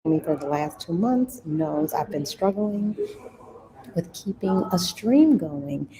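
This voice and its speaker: A woman's voice: lowish voice, animated, slow pace, dark tone. A woman hosting a casual live-stream chat about money from a busy store, talking in a chatty way and sometimes dropping to a whisper. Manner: chatty, drops to a whisper at times. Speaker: host of a money and investing channel. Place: inside a busy computer store. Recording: noisy store background. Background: store ambience and chatter.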